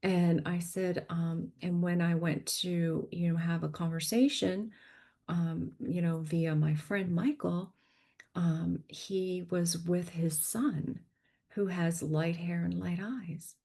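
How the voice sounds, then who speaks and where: A woman's voice: lowish voice, slow pace, gravelly. A woman telling a personal story as a podcast guest, acting out the people she quotes and dropping to a whisper at tense moments. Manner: animated storyteller, acts out quoted voices, drops to a whisper.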